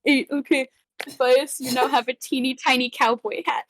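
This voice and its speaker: A woman playing a tabletop game, describing her character's moves in a lively, laughing way. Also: sits high, normal speed, no room sound. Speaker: player. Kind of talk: casual tabletop game play.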